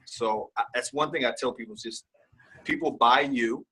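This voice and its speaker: A man's voice: medium pitch, normal speed, bright, forceful tone, husky. A man speaking as a guest in a casual interview, rambling and candid, with lots of fillers and restarts.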